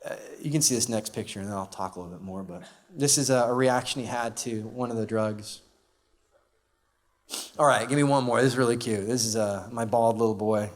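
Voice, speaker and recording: A man gives a heartfelt personal testimony from a conference stage, speaking into a microphone before a large live audience. His delivery is conversational and emotional, loose with fillers, on a voice of ordinary middle pitch. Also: brisk. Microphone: handheld or stage microphone.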